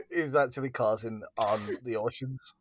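A man's voice: medium pitch, a little slow. A man co-hosting a podcast in casual chat, rambling with many fillers. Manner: rambling, laughing, filler-heavy. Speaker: podcast co-host.

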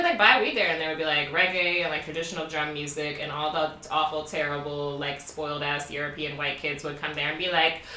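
A woman's voice: low voice, bright, forceful tone, slight background noise. A woman in her twenties co-hosting a podcast, telling a travel story in casual chat, candid and laughing, with lots of fillers. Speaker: podcast co-host. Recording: roomy, a bit far from the mic.

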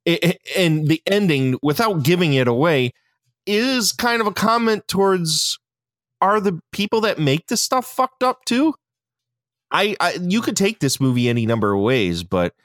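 A man co-hosting a casual film podcast, his pitch swinging widely as he gushes and swears about the movie. He laughs easily, and his voice is close and dry, with no room sound. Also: no room sound. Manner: enthusiastic, profane, laughs often. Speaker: podcast co-host. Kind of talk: casual film review chat.

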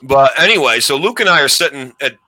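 A man's voice: medium pitch, lively intonation, a little fast, bright, forceful tone, dry recording. A man in his forties hosting a podcast, telling old stories in a rambling casual way and laughing as he goes. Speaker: podcast host. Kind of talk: casual storytelling chat.

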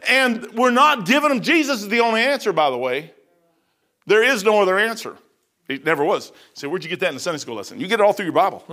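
A middle-aged man leads an informal Bible lesson in a folksy, rambling manner, hammering points home by repeating phrases. His voice sits a little high for a man and comes out forceful and pressing. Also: lively intonation, brisk. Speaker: Bible teacher.

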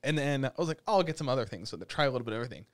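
A man co-hosting a podcast, telling a long animated rant in casual chat. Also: mid-range voice, rapid-fire, no room sound. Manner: animated ranting storyteller. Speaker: podcast co-host.

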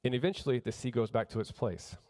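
A man's voice: mid-range voice, quick pace, a little mellow. A middle-aged man preaching a sermon, earnest and emphatic, repeating phrases for weight and often restarting his sentences. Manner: earnest, builds emphasis with repetition, frequent restarts. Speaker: pastor.

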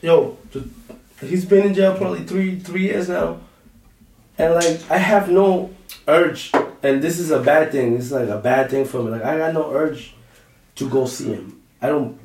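A man's voice: a little high, normal speed. A man co-hosting a comedy podcast, chatting casually and animatedly with lots of slang and repetition. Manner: animated, repeats himself, slang-heavy. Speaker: podcast co-host. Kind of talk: casual chat. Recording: roomy echo, mic at a distance.

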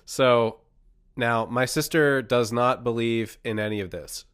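Young male co-host, remote call, dry and close, animated storyteller acting out the quotes. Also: mid-range voice, a little slow, clean tone, no echo. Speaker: podcast co-host. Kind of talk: casual chat, telling a personal ghost story.

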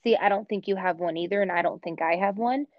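A woman's voice: mid-range voice, fast talker, dry recording. American woman co-host, loose filler-heavy chat, dull lo-fi dry recording. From United States. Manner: chatty, filler-heavy, laughs often. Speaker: podcast co-host. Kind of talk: casual chat.

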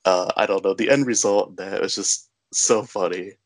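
A deep-voiced podcast host talks at normal speed in a casual movie discussion, chatting about a film with fillers and easy laughter.

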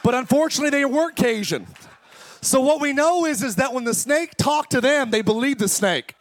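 A male pastor preaching an impassioned sermon that swings between fast talk, slow drawn-out words and shouting. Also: very high-pitched. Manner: impassioned preaching, often shouting, sudden speed changes. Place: church service.

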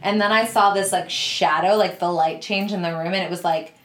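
A woman's voice: lowish voice, steady tone, a little fast, fairly bright tone. A woman podcast host telling a story in a casual way, laughing often and swearing freely. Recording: roomy echo.

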